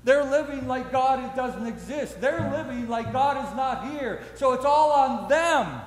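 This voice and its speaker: Older male preacher with a high-pitched voice, folksy, keeps asking rhetorical questions; long church-hall reverb. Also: animated, unhurried. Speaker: pastor. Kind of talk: sermon.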